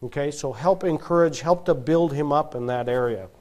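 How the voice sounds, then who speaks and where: A man in his thirties preaching a sermon, telling stories with lively delivery and acting out quoted voices. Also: a little high, moderate pace. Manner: animated storytelling, acts out quoted voices. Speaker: pastor.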